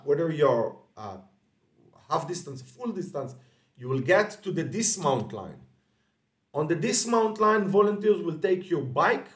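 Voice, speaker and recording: Guy doing a race briefing, lots of uhs and restarts, sounds far off in an echoey room. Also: fairly high pitch. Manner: hesitant, many fillers and self-corrections. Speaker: race director giving a briefing.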